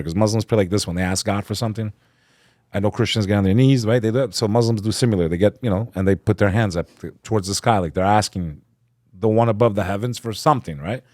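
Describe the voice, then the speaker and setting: A low-pitched man speaks as a guest on a podcast, recounting a story with real conviction. His voice rises to loud, pressing emphasis, then drops to a hushed near-murmur. The sound is dry and close, with no room around it. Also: no echo. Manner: fervent, swings between loud emphasis and hushed asides; acts out quoted speech. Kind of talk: impassioned storytelling in conversation.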